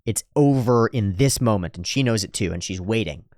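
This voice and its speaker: A man's voice: lowish voice, animated, brisk, a little mellow, no echo, studio quality. A man hosting a reaction video, analyzing an anime scene and paraphrasing its dialogue with rhetorical asides.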